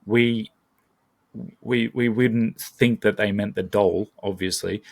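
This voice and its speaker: A man's voice: fairly low pitch, steady tone, slow, vocal fry. A man with an Australian accent, chatting casually as a guest and often breaking off to restart his thought. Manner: chatty, self-interrupting. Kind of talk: casual conversation.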